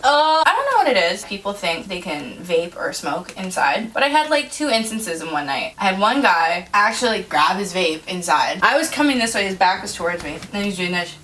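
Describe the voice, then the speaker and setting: A woman's voice: mid-range voice, very animated, fairly quick, few pauses, fairly bright tone, distant mic. A young woman co-hosting a podcast, telling work stories in casual chat, swearing freely and laughing between lines. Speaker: podcast co-host.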